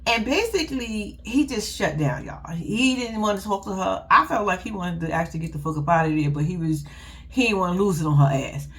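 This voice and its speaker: A woman's voice: fairly low pitch, animated, a little fast, a bit bright. A young woman, giving a blunt, sassy, profane casual recap with laughing asides. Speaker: reality TV recap host.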